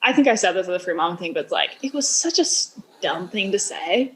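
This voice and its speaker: A woman's voice: lowish voice, animated, a little fast, slight background noise. A woman in her thirties, a business founder, speaking as a podcast guest and telling a personal story in a chatty way, saying "like" often and acting out quoted dialogue.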